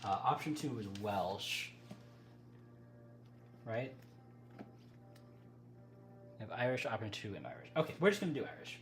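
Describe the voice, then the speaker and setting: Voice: mid-range voice, lively intonation, moderate pace, long pauses, soft background music. A livestream host chatting casually with viewers, rambling, breaking off mid-thought and laughing often.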